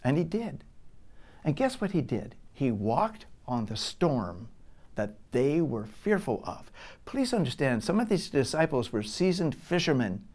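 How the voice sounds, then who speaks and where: Man preaching with loud-to-whisper swings. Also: medium pitch, sing-song, a little slow. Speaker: pastor. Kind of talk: sermon.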